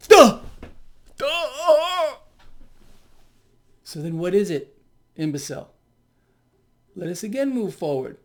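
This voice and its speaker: A man's voice: on the high side, lively intonation, moderate pace, pauses often, dark tone. A man giving solo financial commentary in a mocking, sarcastic tone, often breaking into exclamations.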